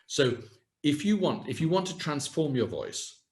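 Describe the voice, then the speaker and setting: A man in his sixties, a communication coach giving a live online workshop over a video call, animated and self-deprecating as he demonstrates exercises. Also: a little high, moderate pace. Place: home setting, UK. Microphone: video call webcam.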